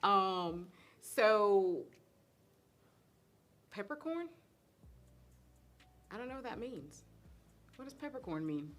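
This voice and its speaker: A middle-aged woman with a drawl hosts a casual live-stream chat about food. She talks in a loose, animated way and laughs often, and her voice sits at an average pitch for a woman. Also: takes it slowly, pauses often. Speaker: host and cook answering viewer questions.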